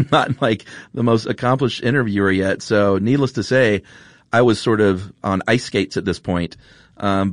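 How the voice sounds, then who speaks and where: A man hosting a podcast, telling a story in a relaxed, rambling way with lots of fillers, then chatting casually. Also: lowish voice, no room sound, clean studio sound. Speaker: podcast host.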